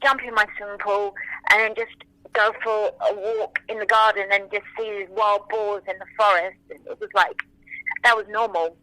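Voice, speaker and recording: A woman in her forties whose first language is French, telling stories as an interview guest in an animated, enthusiastic way, often acting out what people said. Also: mid-range voice, moderate pace, no room sound, low-quality recording. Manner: animated, enthusiastic, acts out quotes. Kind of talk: casual interview storytelling.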